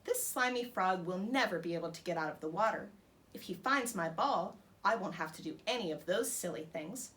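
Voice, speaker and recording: A woman voicing a spoiled, vain young princess who wails in a high, loud storybook voice. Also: lively intonation, brisk. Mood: scheming.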